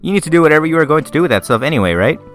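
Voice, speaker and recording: A man reading as a spacey, deadpan girl. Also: fairly high pitch, racing, faint music behind, voice pushed up. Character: spacey, deadpan young woman.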